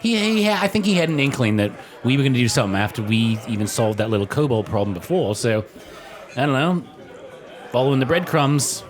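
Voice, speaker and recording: A man playing in a tabletop game, earnest and a bit halting. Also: mid-range voice, very animated, a faint crowd. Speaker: player. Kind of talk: in-character tabletop play.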